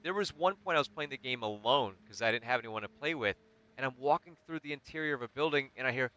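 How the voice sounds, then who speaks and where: A man hosting a casual chat while building in a game, telling animated stories and swearing now and then. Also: medium pitch, fast, dull audio. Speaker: host.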